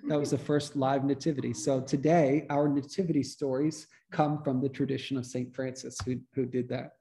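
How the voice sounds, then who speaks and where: Gravelly, mellow-voiced priest teaching. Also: male voice, mid-range voice, moderate pace. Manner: relaxed, conversational, with frequent restarts. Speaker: priest leading a study group. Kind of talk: informal teaching talk. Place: church meeting room.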